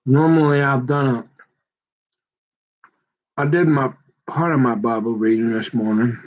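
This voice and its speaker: A man's voice: mid-range voice, fairly even intonation, a little slow, lo-fi sound. A tired man, rambling and joking in a casual vlog. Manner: rambling, joking, repeats himself. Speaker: vlogger.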